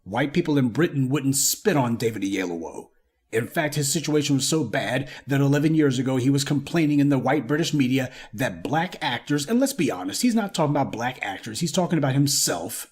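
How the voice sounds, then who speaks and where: A man's voice: medium pitch, expressive, fairly quick, a little mellow. A man with a Southern American accent delivering a scornful, emphatic opinion monologue as a live-stream commentator. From Southern United States.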